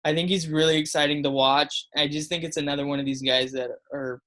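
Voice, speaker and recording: A man's voice: fairly high pitch, flat delivery, fairly quick, pushed and bright. A man co-hosting a casual sports podcast, talking in an easygoing way with frequent laughs and fillers. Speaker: podcast co-host.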